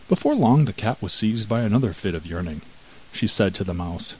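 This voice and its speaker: A man narrating a fairy-tale audiobook in measured storytelling. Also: fairly low pitch, animated, a little mellow, slight background noise, poor audio.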